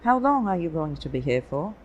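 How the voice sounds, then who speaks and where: Reader doing young male detective, about thirty, crisp, inquiring, audiobook, faint noise behind. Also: medium pitch, sing-song, brisk, lo-fi sound, lightly acted. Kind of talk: audiobook reading.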